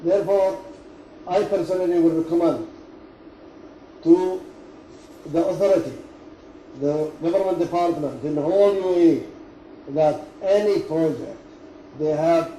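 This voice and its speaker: An older Emirati man, Arabic-speaking at heart, tells business stories in halting, chuckling English. His voice is very dark and mellow, picked up from a distance in an echoey room with faint background noise. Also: fairly high pitch, steady tone. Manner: halting, chuckling storyteller in non-native English. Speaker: company chairman. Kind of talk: anecdote-telling at a business talk. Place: meeting room at company headquarters. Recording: roomy, from far off, faint noise.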